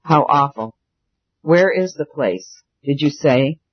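A man's voice: on the high side, animated, takes it slowly, breathy edge, exaggerated voice. A man voicing a sympathetic genteel woman in an audiobook. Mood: dismayed. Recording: dull dry recording.

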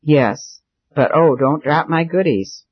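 A man voicing a shy, loving young woman in a novel, gently and shyly. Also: a little high, lively intonation, slow, slightly rough, no room sound, lo-fi sound, exaggerated voice. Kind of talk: reading dialogue in a novel.

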